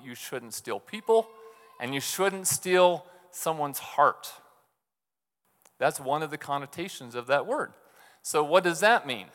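Chatty pastor, slightly high voice. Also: male voice, a bit bright. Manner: storytelling, often asks "right?" of the congregation. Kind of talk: conversational sermon. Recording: long reverb of a large hall.

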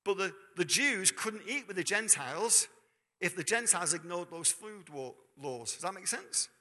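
Bright-voiced preacher man in a reverberant hall. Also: high-pitched, lively intonation, normal speed. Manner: conversational, quizzes the congregation. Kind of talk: sermon.

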